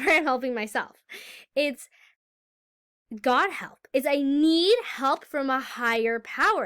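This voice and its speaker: A woman giving a casual spoken lesson on faith, chatty and animated, often tossing in "like" and asking "right?". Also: a little high. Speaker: Torah teacher.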